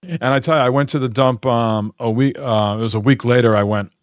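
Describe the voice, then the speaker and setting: A man in an average pitch range rambles through a story in loose, exasperated podcast chat, swearing freely as he goes. His voice sits close and dry on the mic, with hardly any room sound. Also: fairly quick, no room sound. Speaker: podcast co-host.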